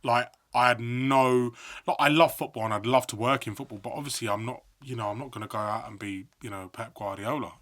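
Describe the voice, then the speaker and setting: A middle-aged man, a guest on a podcast telling a story in a lively chat, acting out quoted voices. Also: medium pitch, brisk, hardly any pauses. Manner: animated storyteller, acts out quotes. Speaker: podcast guest, sports broadcaster.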